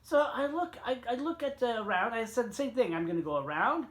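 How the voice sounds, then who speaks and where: A middle-aged man telling a rambling story on his vlog. He swears freely and meanders from one aside to the next. His voice leaps up in pitch and volume without warning, then drops back to a grumble. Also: lively intonation, a little fast. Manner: rambling, profane, frequent sharp jumps in pitch and loudness. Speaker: vlogger. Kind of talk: casual storytelling rant.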